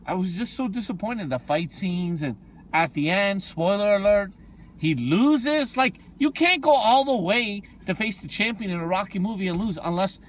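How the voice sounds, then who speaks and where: Animated man on a casual podcast. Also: sits high, moderate pace, slight background noise. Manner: animated, jokey, rises sharply when upset. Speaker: podcast co-host. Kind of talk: casual chat.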